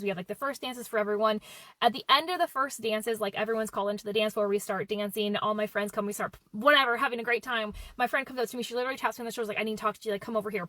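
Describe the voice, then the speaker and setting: A woman telling a personal story in an animated way, acting out what people said. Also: a little high, dry recording. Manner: animated, quoting people in dialogue. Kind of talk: casual storytime.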